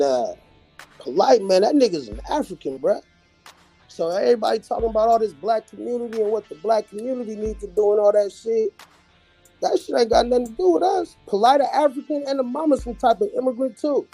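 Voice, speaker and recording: High voiced cali guy on a panel call, blunt and cussing, dark warm tone. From California. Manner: blunt, profane, argumentative. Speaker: panel caller. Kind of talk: heated online panel talk.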